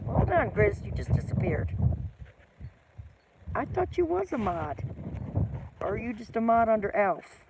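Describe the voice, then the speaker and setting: Slow-talking woman chatting with her stream. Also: on the high side, big pitch swings, background noise. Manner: chatty, greets viewers by name, self-teasing. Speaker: live streamer. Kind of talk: casual live stream chat.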